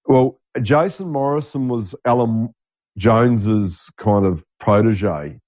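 A man's voice: lowish voice, takes it slowly, a little mellow, no room sound, studio quality. An Australian man co-hosting a podcast, chatting loosely with swearing and lots of restarts. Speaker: podcast co-host. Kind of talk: casual chat.

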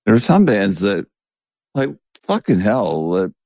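A man's voice: on the low side, very animated, measured pace, a little mellow, dry recording, dull audio. A man co-hosting a casual chat, joking crudely and restarting his sentences often. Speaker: podcast co-host.

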